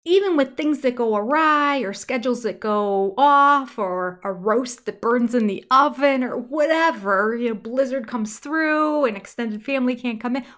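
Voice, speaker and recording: A woman's voice: high-pitched, fairly bright tone. An older woman hosting a casual livestream commentary, talking in a gossipy, exasperated way that slips into mocking whispers. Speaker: reality TV reviewer.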